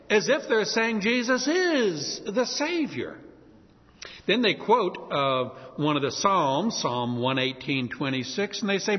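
A man from New Orleans with a New Orleans accent preaching a sermon as pastor, telling stories in a lively way and acting out shouted quotes. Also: high voice, moderate pace. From New Orleans, USA. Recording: muffled sound with long hall reverb.

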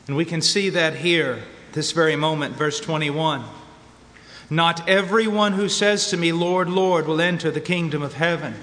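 A man's voice: on the high side, fairly even intonation, normal speed, a bit bright, slight background noise. An American man preaching a sermon with emphatic repetition and a varying pace. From United States. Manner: emphatic, varies pace, repeats for stress. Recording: long hall reverb.

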